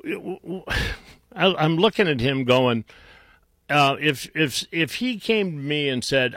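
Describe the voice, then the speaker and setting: A man's voice: on the high side, expressive, unhurried, creaky, fairly bright tone, dry recording, clean studio sound. A man hosting a talk radio show, mocking and sarcastic, often restarting his sentences. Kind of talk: combative talk radio commentary.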